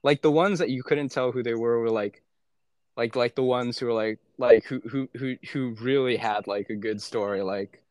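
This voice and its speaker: Young male podcast guest, casual rambling storyteller, mid-pitched, dead-dry close mic. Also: moderate pace, a little mellow, no room sound. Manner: rambling, heavy "like" fillers, frequent swearing. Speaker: podcast guest, former aid worker. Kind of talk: casual chat.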